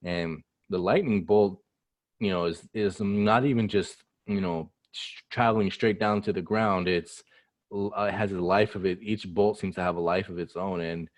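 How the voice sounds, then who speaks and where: A man co-hosting a casual comic read-through, relaxed and chiming in with agreement. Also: low-pitched, moderate pace, no room sound. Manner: relaxed, mumbles agreement, acts out lines. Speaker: co-host.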